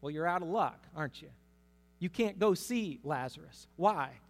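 A man giving conversational Bible teaching, telling the story in a lively way with humorous asides. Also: a little high, normal speed. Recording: long hall reverb.

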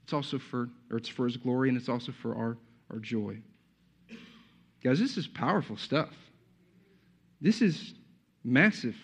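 A man's voice: medium pitch, unhurried, pauses often, breathy edge. A man preaching a sermon as pastor, talking conversationally with frequent restarts and rhetorical asides.

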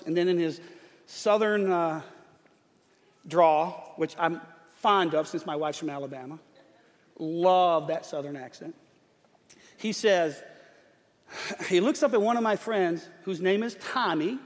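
A middle-aged man preaching a sermon, telling a humorous story in an animated way. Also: high-pitched. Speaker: pastor. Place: church sanctuary. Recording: long church hall reverb.

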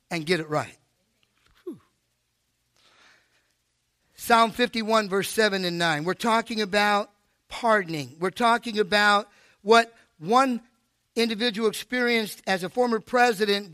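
An older man preaching a sermon at a live church service, animated and preachy, with joking asides. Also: sits high, no echo, studio quality. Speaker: pastor.

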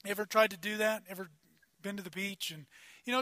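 Male pastor, sermon; high, bright voice, chatty delivery with loud peaks and soft asides. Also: fairly even intonation, a little fast, no echo. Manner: conversational preaching, swings between loud emphasis and quiet asides.

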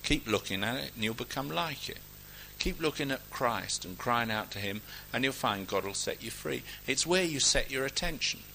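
A man preaching a sermon, emphatic and exhorting, swinging between loud declarations and quiet asides. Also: medium pitch, expressive, gravelly, slight background noise, low-quality recording. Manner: reads scripture aloud in a ringing, measured cadence.

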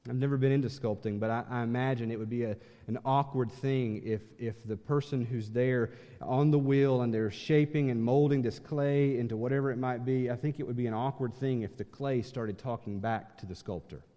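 A man preaching a sermon as pastor, emphatic, swinging from loud passages to hushed ones. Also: medium pitch, steady tone, fairly quick, hardly any pauses, in a large hall, highs cut off.

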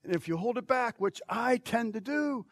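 A man preaching an altar call, impassioned, swinging from shouted pleas to near whispers. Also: very high-pitched, animated, moderate pace, no room sound. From United States. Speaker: pastor.

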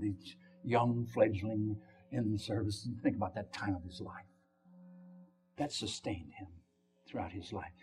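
A man preaching a sermon, telling a story with lively swings from loud exclamations to hushed whispers and calling out questions to the congregation. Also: fairly low pitch.

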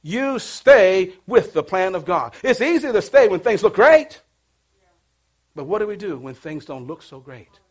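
A man with a high voice preaches a sermon to his congregation. He drops to a hush, almost a whisper, then rises into loud exclamations, calling out to the people as he goes. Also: very animated, unhurried. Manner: swings from hushed near-whispers to loud exclamations; preaching with call-outs to the congregation. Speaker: pastor.

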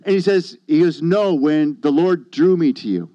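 A man's voice: on the high side, normal speed, dark tone, no echo, dull audio. A man preaching a sermon, telling a personal testimony in a conversational storytelling way and acting out what others said to him. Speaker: pastor.

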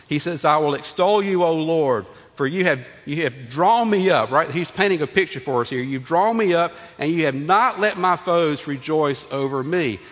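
A middle-aged man, preaching a lively sermon to his congregation and often asking them questions directly. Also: on the high side. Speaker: pastor. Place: church sanctuary. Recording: long hall reverb.

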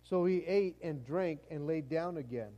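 A man's voice: a little high, normal speed, warm tone, dull audio. A man preaching a sermon in a conversational way, often stumbling and restarting his words. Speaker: pastor.

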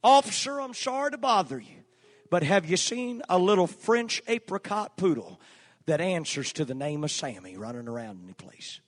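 A man's voice: high voice, sing-song, normal speed. A man doing a desperate, apologetic father. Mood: urgent. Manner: urgent and apologetic. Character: desperate father pleading with a police officer. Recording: long church hall reverb, faint music.

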